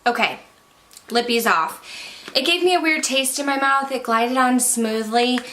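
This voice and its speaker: Young female beauty vlogger, chatty and candid, a little breathless, bright tone. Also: fairly high pitch, expressive, a little slow. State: slightly out of breath. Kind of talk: casual product review.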